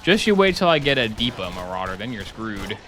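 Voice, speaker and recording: A man's voice: lowish voice, very animated, brisk, noisy background. A young man streaming a game live, chatting casually and joking with his chat while he plays. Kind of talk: live gameplay commentary.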